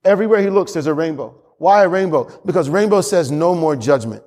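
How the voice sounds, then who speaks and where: A man's voice: on the high side, expressive, fairly quick, a little mellow. A male pastor preaching a sermon with emphatic repetition and frequent chuckles. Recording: long hall reverb.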